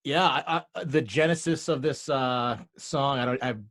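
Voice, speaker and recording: A man's voice: medium pitch, moderate pace, a bit bright. Joking man telling a band story. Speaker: band bassist. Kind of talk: casual chat.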